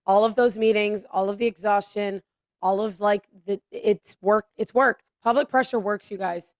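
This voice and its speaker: An animated woman co-host chats about a recent trip, tripping over her words as she hurries through a story. Her voice sits at a middle pitch. It is recorded dry and close on a studio mic. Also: no echo. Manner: animated storytelling, quick stumbles and restarts. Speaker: podcast co-host. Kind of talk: casual political chat.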